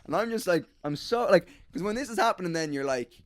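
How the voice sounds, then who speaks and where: A man's voice: high-pitched, animated, fast, dry recording. A man, rambling through a sweary story in a casual podcast chat. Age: late 20s. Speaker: podcast co-host.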